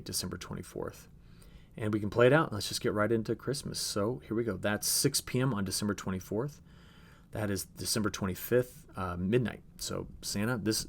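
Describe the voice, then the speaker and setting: A man's voice: on the low side, creaky, slight background noise. A man giving a chatty agricultural weather briefing over forecast maps, talking straight to viewers and often restarting his phrases.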